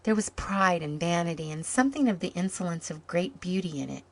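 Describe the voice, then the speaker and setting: Calm woman reading a story. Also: lowish voice, fairly quick. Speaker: story reader. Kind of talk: scripted storybook narration.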